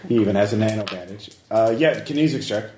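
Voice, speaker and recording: A man acting as game master, chatting loosely, filling pauses with "uh" and laughing often. His pitch sits in an ordinary middle range. The room is echoey, with a faint hiss behind. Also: darkish tone. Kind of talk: running a tabletop game, casual.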